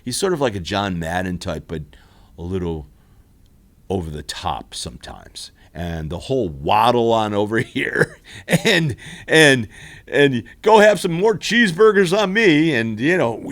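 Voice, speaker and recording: A man hosting a football recap show, rambling and animated in casual commentary, laughing often. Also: mid-range voice, a little slow. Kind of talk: casual sports commentary monologue. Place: studio.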